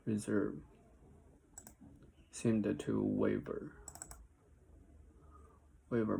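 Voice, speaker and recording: A man reading a mystery novel aloud in a halting way, stopping to read out the meanings of words he meets. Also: on the low side, creaky, darkish tone, husky. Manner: halting reading, stops to read out word definitions.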